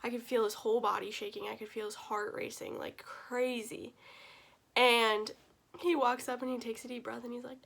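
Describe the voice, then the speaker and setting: A young woman talks straight to camera, her voice bright and a touch high. She gushes and runs on with fillers, on the edge of tears, and slips into fry at the ends of phrases. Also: level tone, normal speed. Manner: gushing, emotional, many fillers. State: tearful. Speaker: vlogger. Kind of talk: casual storytelling to camera.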